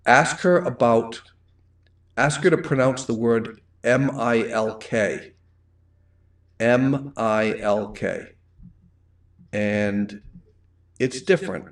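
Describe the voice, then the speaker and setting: A man's voice: mid-range voice, slow pace, pauses often, recorded from a distance. A middle-aged man with a thick Rhode Island accent, hosting a casual live wine show, rambling and reading viewer comments aloud. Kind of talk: casual live-stream chat.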